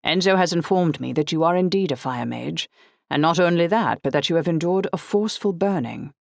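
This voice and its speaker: A woman voicing a formal, precise older man who speaks in clipped, measured sentences. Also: extremely low pitch, vocal fry, dry recording. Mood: urgent. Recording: dry close audiobook recording.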